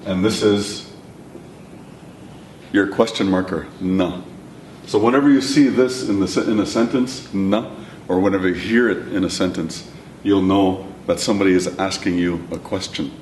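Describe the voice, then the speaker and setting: A male language instructor with a darkish tone leads a classroom lesson, patiently repeating words slowly for his learners. The recording, made in a classroom or lecture room, is echoey, with the mic at a distance and a faint rumble.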